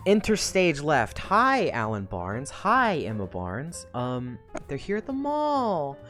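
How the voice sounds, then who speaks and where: A woman's voice: sits low, huge pitch swings, slow, a bit bright, faint music behind. A woman streamer casually recapping a story, profane and emotional, often sighing and laughing between thoughts. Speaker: streamer recapping a web serial.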